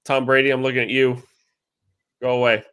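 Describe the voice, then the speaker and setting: A man's voice: medium pitch, little pitch movement, brisk, fairly bright tone, clear, resonant tone. A man hosting a sports podcast, talking casually about baseball with lots of fillers and asides. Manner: chatty, rambling, lots of fillers. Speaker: podcast host.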